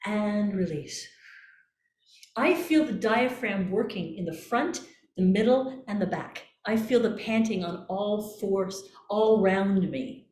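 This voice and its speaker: A woman voice coach calmly guiding a breathing exercise, repeating gentle cues. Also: medium pitch, slow. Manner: calm, coaxing, repeats cues. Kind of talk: guided breathing exercise instruction. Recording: echoey room.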